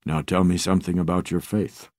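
A man voicing a dying old male professor who speaks in a high, sing-song voice, wry and blunt. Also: little pitch movement, brisk, darkish tone, no room sound, clean studio sound, close to an everyday voice.

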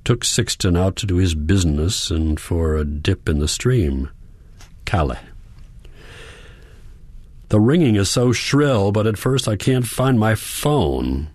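Man, audiobook narrator, very low voice, calm, measured, reflective, dry close-mic sound. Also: dry recording. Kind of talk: first-person novel narration.

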